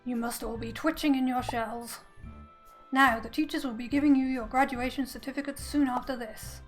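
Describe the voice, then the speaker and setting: A pompous male snail headmaster addresses a crowd of graduates in a video game, formal and speechy, as a woman reads him out. The voice stays high. Faint music sits underneath. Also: fairly even intonation, moderate pace, lightly acted.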